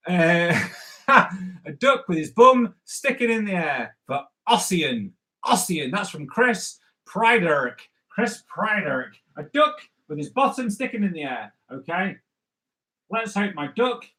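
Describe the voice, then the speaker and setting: A comics creator runs a live drawing stream, joking around and chatting playfully while he sketches what viewers ask for. His voice sits on the high side and comes across pushed and bright, though the recording is rough.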